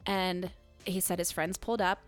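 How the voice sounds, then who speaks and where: A woman in casual podcast chat, telling a story with animated quoted voices and frequent laughs. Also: fairly low pitch, normal speed, soft background music.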